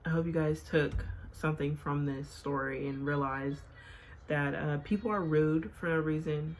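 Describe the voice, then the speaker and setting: A woman's voice: sits low, fairly even intonation, normal speed, a little hiss or hum. A young woman vlogger casually telling a story, chatty and full of filler words.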